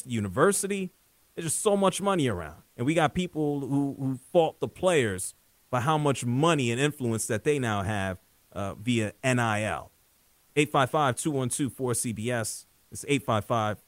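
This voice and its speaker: A man's voice: medium pitch, no room sound. A man hosting a sports talk radio show, opinionated and joking as he talks.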